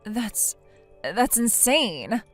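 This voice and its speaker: Brief: woman playing a whiny young wife, high voice, pleading, faint music under the dialogue. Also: sing-song, extremely slow, heavily acted. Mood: distressed. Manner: pleading, defensive. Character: young wife who cheated, self-pitying and entitled. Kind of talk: scripted story dialogue. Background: faint background music.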